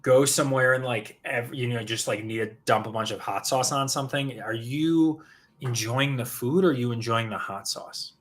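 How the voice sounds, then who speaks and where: A man's voice: mid-range voice, moderate pace. Rambling man co-hosting a live stream. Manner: rambling, restarts often. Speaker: co-host. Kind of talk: casual livestream chat.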